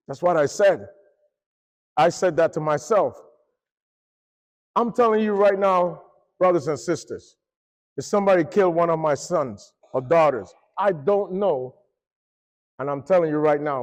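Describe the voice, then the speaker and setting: High-voiced man preaching in a reverberant church. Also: normal speed. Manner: animated, rises and falls in pitch and force. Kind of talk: sermon storytelling. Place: church hall.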